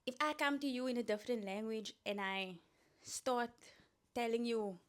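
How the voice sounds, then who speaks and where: A woman's voice: a little high, normal speed. A woman hosting a solo podcast, giving casual, coaching talk with playful asides. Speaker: podcast host.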